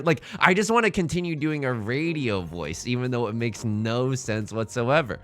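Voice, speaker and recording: A young man giving casual, joking commentary over his own gameplay, slipping in quick impressions. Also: mid-range voice, animated, a bit bright. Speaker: let's play streamer. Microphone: headset mic.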